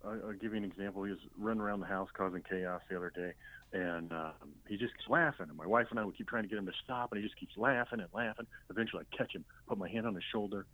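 A man with a lowish voice tells comic family stories as an interview guest, dry and deadpan, full of "uh" and "you know." The sound is dull and slightly lo-fi. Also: fast talker. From Illinois. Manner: deadpan storyteller with many fillers and restarts. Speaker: comedian guest. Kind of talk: telling comic anecdotes in an interview.

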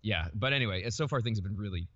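A man's voice: on the low side, expressive, fast talker, fairly bright tone, dull audio. A man who works as a voice actor, a guest in a casual podcast chat, rambling and filling his talk with "like". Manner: rambling, leans on "like" a lot.

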